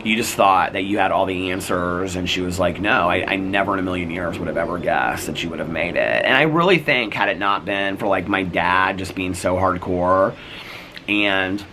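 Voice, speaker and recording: Here a middle-aged man from the United States recounts something that happened to him in a casual vlog, peppering it with "like" and "you know" and voicing the dialogue himself. He speaks deeply at a normal speed over some background noise.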